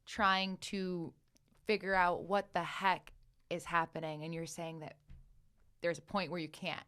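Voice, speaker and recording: A woman's voice: on the low side, flat delivery, measured pace, fairly bright tone, clean tone. A woman hosting a casual interview podcast, affirming her guest with short backchannels and summing up his story. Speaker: podcast host.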